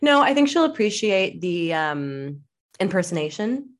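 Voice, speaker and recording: A woman's voice: fairly low pitch, sing-song, measured pace. A young woman co-hosting a podcast, chatty and teasing in casual talk. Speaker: podcast co-host.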